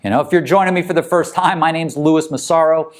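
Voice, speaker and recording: A man's voice: a little high, fast. A man coaching moving company owners in a casual motivational talk, talking conversationally and often checking in with the listener. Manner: conversational, tag questions.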